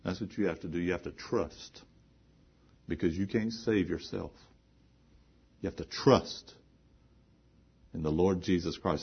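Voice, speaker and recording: Husky-voiced preacher man, hushed to booming. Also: a little slow, long pauses, highs cut off. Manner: swings between hushed earnest talk and loud emphatic preaching; rhetorical questions to the congregation. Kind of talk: sermon.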